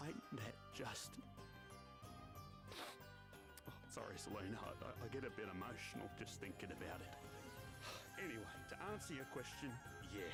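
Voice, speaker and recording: An actor playing a brash, sentimental treasure hunter with an Australian accent, boastful and full of slang, with game music behind him. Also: male voice, medium pitch. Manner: boastful, cheery slang-filled talk.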